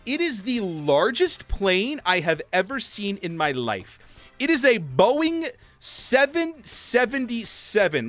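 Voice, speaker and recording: A young man livestreaming, casually telling a story while gaming, acting out quotes in high voices. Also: a bit bright. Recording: faint game music behind.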